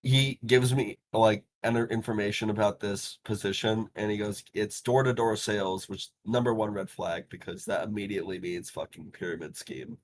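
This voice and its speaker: A young man with a lowish voice tells tournament and bus stories in a loose, animated podcast chat, swearing freely and filling gaps with "like" and "uh". A faint rumble sits under the recording. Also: moderate pace, hardly any pauses. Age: young adult. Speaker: podcast host. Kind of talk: casual podcast storytelling.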